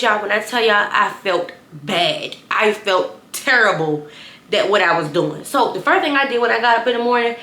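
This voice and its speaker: A young woman recounts a story straight to her viewers in a loose, chatty storytime. She keeps calling out to them and circles back over her own phrases. Her voice is bright and forward, and the room around her sounds echoey. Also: mid-range voice, lively intonation, normal speed. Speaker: vlogger telling a story. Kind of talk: casual storytime to camera.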